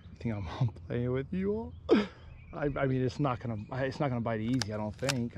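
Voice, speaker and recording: A young man filming a fishing vlog from a boat, talking in a rambling, breathless way, often hushed, full of likes and freakings. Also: mid-range voice, lively intonation, normal speed, long pauses, noisy background. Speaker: fishing vlogger. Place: on a boat out of doors.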